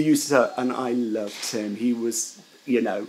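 A British man telling a personal memory in an animated way, acting out what others said. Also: mid-range voice, moderate pace, hardly any pauses, poor audio. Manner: animated storytelling, acts out quotes. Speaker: interviewee. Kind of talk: personal recollection.

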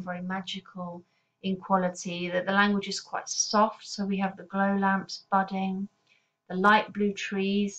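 A woman teacher giving a recorded poetry lesson in a measured, explanatory way, with an occasional filler. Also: medium pitch, fairly bright tone, poor audio.

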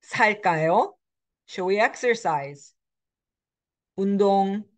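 A woman's voice: medium pitch, lively intonation, fast talker. A middle-aged woman giving a recorded lecture as a language instructor, explaining grammar patterns with many fillers and self-corrections, reading example words aloud between her explanations. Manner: switches between English and Korean examples.

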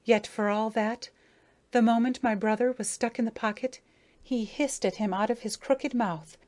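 A woman voicing a grieving, self-important female dragonfly who tells her tale slowly, mournfully and dramatically. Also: fairly high pitch, fairly even intonation, a little mellow, lightly acted. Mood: grave dramatic. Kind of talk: audiobook character reading.

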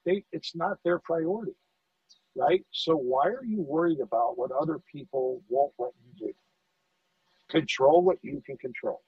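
Guy, middle-aged, gravelly, tells stories and acts out the back-and-forth, dull far-off mic. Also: a little high, no echo. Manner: animated storyteller, acts out quoted dialogue, repeats words. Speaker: fire lieutenant guest. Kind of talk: casual podcast conversation. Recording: dull dry audio, off-mic.

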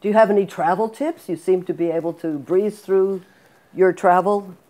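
An older woman hosting an interview, asking questions in a relaxed, conversational way. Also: fairly low pitch, moderate pace. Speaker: interview host, photographer. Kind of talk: casual interview.

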